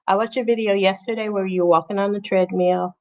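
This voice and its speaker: A woman hosts her own livestream from home, chatting fast and directly with her viewers, whom she calls "y'all." Her medium-pitched voice stays fairly even. The audio is dull and lo-fi, captured on a phone or webcam.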